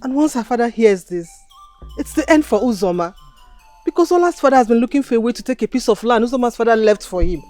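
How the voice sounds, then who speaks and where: Nigerian woman, high voice, earnest, in a film with faint music. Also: expressive, quick pace, dark tone. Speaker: actress in a village drama. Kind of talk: film acting, earnest pleading.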